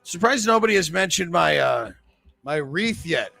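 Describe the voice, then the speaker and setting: Trivia host, male, New England accent, high gravelly voice, bright tone, joking patter, faint music behind. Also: big pitch swings, normal speed. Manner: joking, chatty, reads questions and scores. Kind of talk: live-streamed bar trivia hosting.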